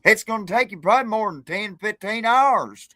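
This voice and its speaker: A man's voice: high voice, animated, moderate pace, sharp tone, no room sound. A man, a podcast guest talking casually in an impassioned, sardonic rant over a remote call. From Appalachia. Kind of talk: casual conversation. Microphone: remote streaming call.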